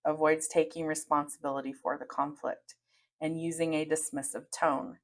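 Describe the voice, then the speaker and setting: Low-voiced woman giving earnest advice. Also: flat delivery, normal speed, fairly bright tone. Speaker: podcast host. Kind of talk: advice monologue.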